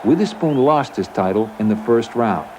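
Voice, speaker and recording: A man narrating a documentary in a steady, factual, scripted delivery. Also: mid-range voice, normal speed, crowd noise, noisy background.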